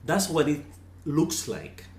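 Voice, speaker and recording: A man speaks slowly and earnestly, teaching on scripture with a lively, rising and falling voice. He often repeats words as he presses a point. The room gives his voice a noticeable echo. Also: a little high, slight background noise. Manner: slow, earnest, repeats words when emphatic. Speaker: spiritual teacher.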